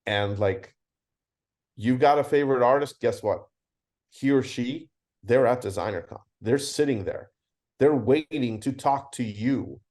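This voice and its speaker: A middle-aged man who founded a convention tells stories in a casual interview, animatedly acting out the dialogue within them. His voice is mid-range and his delivery is a little slow.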